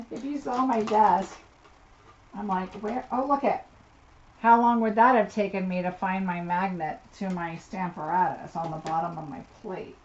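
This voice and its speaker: A woman's voice: medium pitch, fairly even intonation, unhurried, darkish tone. A woman giving a live card-making tutorial, chatting and thinking aloud as she works at her desk. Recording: slightly dull audio with faint noise.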